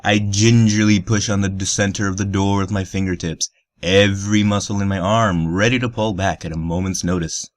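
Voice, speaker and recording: A man's voice: low voice, dry recording. A man reading a visual novel aloud for a let's play, breaking off with crude, joking asides. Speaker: let's player.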